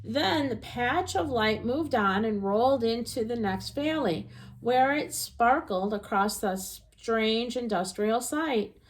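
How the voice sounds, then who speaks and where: A woman narrating a children's storybook aloud in an expressive, gentle reading voice. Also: fairly high pitch, slow.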